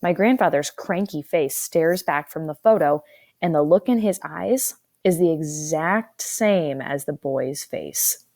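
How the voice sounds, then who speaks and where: A woman narrating a first-person audiobook in a wry, expressive way. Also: low voice, a little slow, no room sound, clean studio sound.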